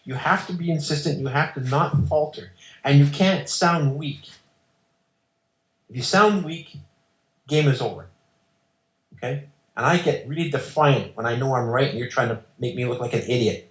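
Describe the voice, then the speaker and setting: A man's voice: medium pitch, moderate pace, long pauses. Guy telling his story real insistent, acts out the back and forth, kinda echoey room. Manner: emphatic, insistent storyteller who acts out exchanges. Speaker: interview guest. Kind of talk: telling a personal story in conversation. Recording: roomy echo.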